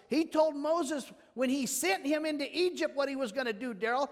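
A man's voice: very high-pitched, lively intonation, moderate pace, few pauses, big-room sound. A man preaching a conversational sermon, asking questions and calling on listeners by name. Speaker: pastor. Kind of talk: interactive sermon.

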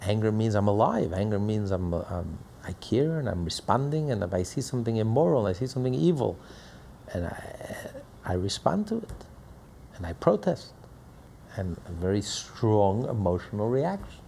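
A man's voice: fairly low pitch, sing-song, normal speed, gravelly, dark tone, a little hiss or hum. A man teaching a religious lesson in an emphatic manner, with rhetorical questions and repeated phrases. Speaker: Torah teacher.

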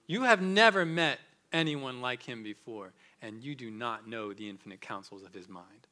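A man pastor preaching a sermon, swinging between loud emphatic peaks and hushed low passages. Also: normal speed, few pauses.

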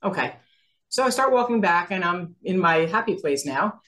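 Guest, woman, 60s, from New Jersey: lively storyteller, lower voice, acts out the dialogue. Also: moderate pace. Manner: animated, acts out quoted dialogue, laughs often. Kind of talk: storytelling in a casual interview.

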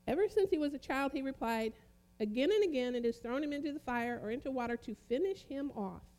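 High-pitched woman preacher, emphatic sermon delivery with dramatic pauses. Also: animated, a little mellow. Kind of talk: sermon, reading and comparing Bible translations.

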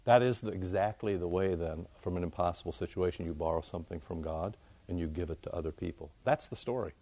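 Gravelly low-voiced man preaching casually. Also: fast, no room sound. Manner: conversational, animated, rises high for emphasis. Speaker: pastor. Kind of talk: informal sermon to a congregation.

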